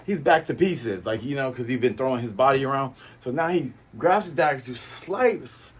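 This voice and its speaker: A man recapping a comic chapter in a casual, animated way, full of sound effects. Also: medium pitch, normal speed, breathy edge. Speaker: manga reviewer.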